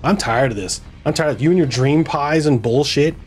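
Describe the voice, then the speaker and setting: A man voicing a gruff, fed-up male town guard who talks in threats. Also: a little high, normal speed, a little hiss or hum, lightly acted. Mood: threatening. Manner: threatening and exasperated.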